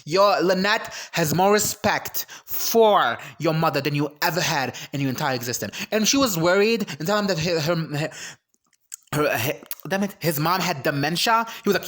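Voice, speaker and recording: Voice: medium pitch, lively intonation, normal speed, fairly bright tone. A reaction video host in casual commentary, ranting and swearing, breaking into laughs and restarting sentences. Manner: ranting, profane and heated; laughs and trails off mid-sentence.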